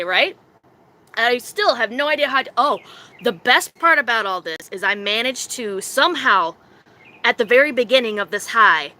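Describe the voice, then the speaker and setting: A young woman streamer telling a story casually and with animation, often giggling and acting out her own quotes in a silly high voice. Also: pushed and bright. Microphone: phone.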